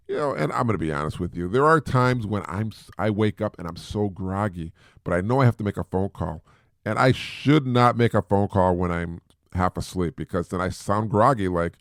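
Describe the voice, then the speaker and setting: A man's voice: on the low side, lively intonation, normal speed, vocal fry, no room sound, clean studio sound. A middle-aged man hosting a podcast, giving casual advice in a chatty way, often repeating words and mimicking voices. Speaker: podcast host.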